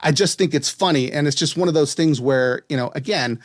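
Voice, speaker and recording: A man's voice: fairly high pitch, fairly quick, no room sound, clean studio sound. Chatty West Virginia-raised man. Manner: chatty, amused, spells words out letter by letter. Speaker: podcast host. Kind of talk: casual chat.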